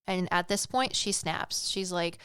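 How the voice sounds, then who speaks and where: A young adult woman hosts a podcast and retells an old myth in a chatty, slangy, playful way. Her voice is very clear and smooth, and the sound is close and dry. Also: fairly low pitch, a little slow, a bit bright, dry recording. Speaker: podcast host.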